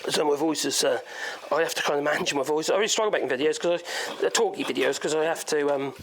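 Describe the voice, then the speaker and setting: A man's voice: on the high side, quick pace, slight background noise. A man with a Norfolk accent giving a chatty, rambling woodworking demonstration in his workshop, thinking aloud as he goes. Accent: Norfolk English. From Norfolk, England.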